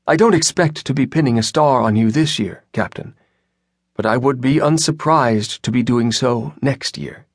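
A calm, commanding senior admiral, voiced by a male audiobook reader who sounds apologetic yet never leaves room to argue. The voice sits higher than the reader's own low register. It is recorded close and dry, with no room sound. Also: breathy edge, no echo. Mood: measured. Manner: measured, apologetic yet firm.

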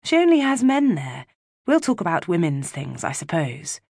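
A woman voicing a gentle, patient older sister, a girl nearing womanhood, in a storybook reading. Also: on the low side, sing-song, moderate pace, no room sound, studio quality. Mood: soothing. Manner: soothing and patient.

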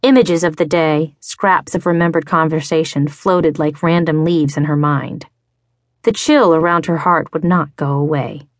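Low-voiced woman reading an audiobook. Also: steady tone, measured pace, no room sound, clean studio sound. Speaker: audiobook narrator. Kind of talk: scripted narration. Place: recording booth. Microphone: close studio mic.

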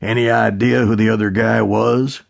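A man narrating an audiobook voices a gruff, urgent older male general. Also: fairly low pitch, flat delivery, moderate pace.

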